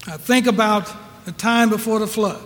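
A man preaching a sermon, slow and emphatic, repeating his rhetorical questions to the congregation. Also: high-pitched, fairly bright tone. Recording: long reverberant hall.

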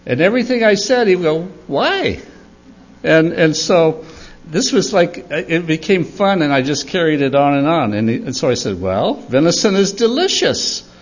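An older man giving a storytelling sermon for children at church, animated and chuckling as he tells it. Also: on the high side, moderate pace, dull audio. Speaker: church speaker.

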